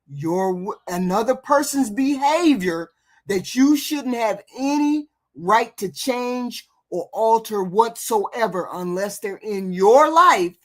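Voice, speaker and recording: A woman hosting a call-in show who argues her point forcefully and keeps pressing the caller. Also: fairly high pitch. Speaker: host. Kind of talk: heated call-in debate.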